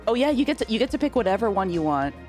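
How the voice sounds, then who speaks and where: A woman's voice: on the high side, very animated, racing, music in the background. A woman from Canada hosting a casual game stream, bubbly and laughing often. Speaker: streamer host.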